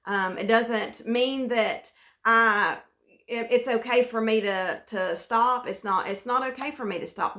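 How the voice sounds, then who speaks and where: Woman, devotional Bible talk, earnest, raised pitch, repeats herself, restarts sentences. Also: fairly bright tone. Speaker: devotional speaker.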